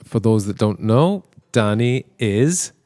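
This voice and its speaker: A man's voice: fairly low pitch, animated, takes it slowly, a little mellow, no echo, clean studio sound. A man hosting a podcast, chatting casually into a handheld mic, jokey and laughing often, with many restarts. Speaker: podcast host and band member. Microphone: handheld microphone.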